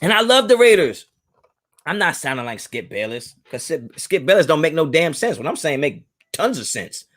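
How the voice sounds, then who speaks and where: Animated high-voiced man on a livestream. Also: normal speed. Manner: animated, emphatic, repeats his points; talks to his chat directly. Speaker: sports fan livestream host. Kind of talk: casual live-stream commentary.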